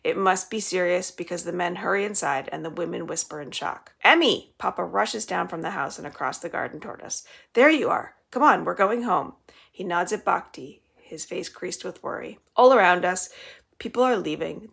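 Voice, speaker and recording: A woman librarian reading a children's novel aloud in a steady storytelling manner. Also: fairly low pitch, moderate pace, gravelly, husky.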